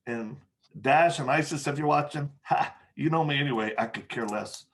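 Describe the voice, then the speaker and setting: A man, a podcast guest, telling candid stories in conversation, with frequent pauses and restarts. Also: medium pitch, a bit bright. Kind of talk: storytelling in conversation.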